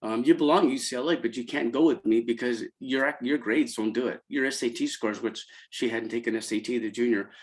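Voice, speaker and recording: A middle-aged man from Central California telling stories as an interview guest, halting and full of restarts, his voice lifting when he quotes students. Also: mid-range voice, rough recording. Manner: halting, many restarts and fillers, voice rising when quoting students. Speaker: interview guest, college program founder. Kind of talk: emotional conversational storytelling.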